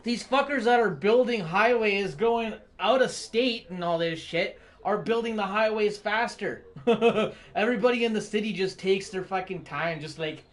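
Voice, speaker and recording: A man's voice: high voice, moderate pace, few pauses. A man, chatting casually as a streamer, rambling, swearing constantly and laughing often. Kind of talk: casual chat.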